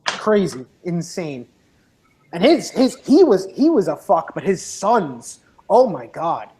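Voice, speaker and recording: A woman chatting casually in an online voice lobby, blunt and profane, getting animated as she talks. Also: lowish voice, slow pace, low-quality recording. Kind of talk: casual voice chat.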